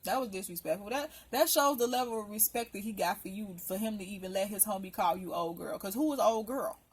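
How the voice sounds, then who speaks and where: A woman's voice: mid-range voice, a little fast, husky. A woman recapping a reality TV episode in casual commentary, blunt, profane and indignant. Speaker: reality TV reviewer.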